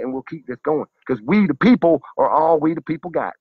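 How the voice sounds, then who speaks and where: A man's voice: on the high side, animated, fairly quick, breathy edge, dry recording, phone-quality sound. A man delivering a fired-up, profane, preachy monologue to his viewers. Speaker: vlogger. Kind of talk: impassioned monologue to camera.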